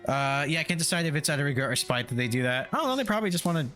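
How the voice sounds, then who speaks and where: A man's voice: fairly high pitch, animated, very fast, a bit bright, faint music behind. A man streaming a video game, chatting casually and profanely with his viewers in a rambling, joking way. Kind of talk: casual live-stream chat while gaming.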